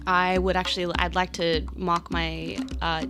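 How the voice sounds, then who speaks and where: A woman's voice: on the low side, level tone, a little slow, music in the background. A woman playing in a tabletop role-play, hesitant with many fillers. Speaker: player.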